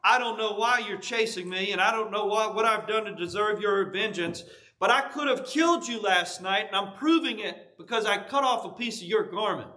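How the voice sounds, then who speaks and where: An earnest young warrior , acted out by a man preaching, speaks in a high, bright voice. He is firm and restrained, pleading rather than threatening. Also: normal speed.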